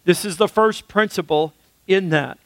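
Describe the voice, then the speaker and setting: Pastor, male, thirties, high voice, dry close sound, earnest storyteller. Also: measured pace, dry recording. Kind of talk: sermon.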